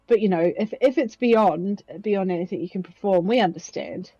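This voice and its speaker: A woman's voice: mid-range voice, normal speed, mellow, muffled recording. A woman playing a tabletop game, speaking in character in a joking, hesitant way. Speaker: player. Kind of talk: playful tabletop role-play.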